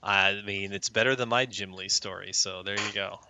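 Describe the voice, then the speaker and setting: A man's voice: on the low side, steady tone, moderate pace, bright, forceful tone, slight background noise. A man in his fifties, a guest artist, chatting casually on a live stream and making dry jokes. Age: 50s. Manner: dry, joking.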